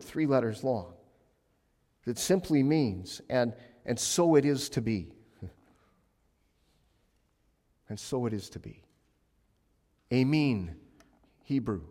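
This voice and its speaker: A male pastor preaching a sermon with emphasis, swinging between loud passages and hushed ones. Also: medium pitch. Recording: long reverb of a large hall.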